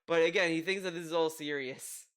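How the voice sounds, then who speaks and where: A man's voice: a little high, fairly even intonation, fairly quick, a bit bright, smooth. A man giving rambling, sarcastic commentary on an online creator. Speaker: commentary youtuber. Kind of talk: video commentary.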